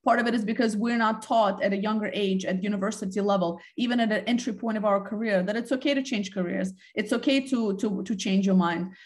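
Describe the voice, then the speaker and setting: A woman's voice: medium pitch, steady tone, fairly quick, hardly any pauses. Woman guest talking through ideas. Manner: thoughtful, restarts phrases often. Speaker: podcast guest, talent development head. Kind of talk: conversational interview.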